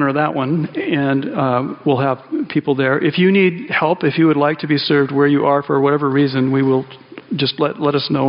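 Male pastor, conversational sermon delivery, gravelly voice, slightly high, muffled recording. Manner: conversational, animated, with frequent fillers and restarts. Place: church sanctuary. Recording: dull lo-fi sound in a reverberant hall.

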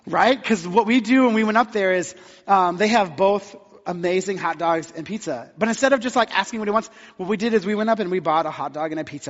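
With a fairly high, slightly bright voice, a male pastor preaches a conversational sermon, slipping into little acted-out quotes as he tells his story. The sound is somewhat dull and carries long reverb from a church hall.

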